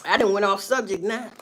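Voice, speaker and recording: A woman's voice: medium pitch, noisy background. A woman, ranting casually to viewers, swearing and telling stories with laughs. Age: 40s. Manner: loud, swearing, animated storytelling with laughs.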